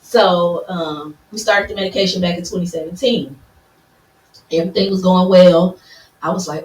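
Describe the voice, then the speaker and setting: Female podcast co-host, relaxed and open, faint background hiss. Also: on the low side, brisk. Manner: chatty, candid, playful. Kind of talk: casual chat. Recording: roomy, distant mic with faint noise.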